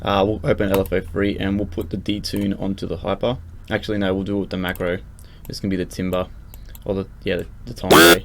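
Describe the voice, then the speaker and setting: Deep, flat and brisk with vocal fry, this young man's voice comes with a little hiss or hum. He's casually walking through a music production tutorial on screen recording, loose and rambling with frequent fillers and restarts, while loud synth music and keyboard typing play behind him.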